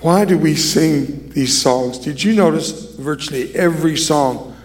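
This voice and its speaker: A man's voice: a little high, unhurried, darkish tone. An older man preaching a sermon as an evangelist, emphatic and drawing the congregation into call-and-response.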